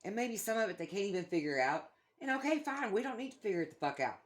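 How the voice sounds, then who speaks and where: A woman's voice: medium pitch, expressive, fast talker. A middle-aged woman chatting casually, a blunt, profane storyteller who swears freely. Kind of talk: casual chat.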